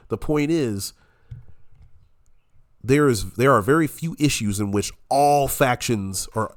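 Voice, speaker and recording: Low-voiced guy all stuffed up and nasal, cussing and ranting hard about a video he's reacting to. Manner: profane, combative ranting. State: nasal and congested, recovering from illness. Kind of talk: heated reaction commentary.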